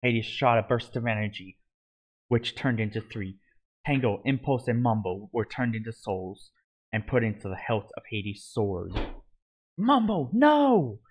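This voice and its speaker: A man reading his own fan story aloud, in a steady delivery with small slips and restarts. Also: lowish voice, normal speed. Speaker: narrator.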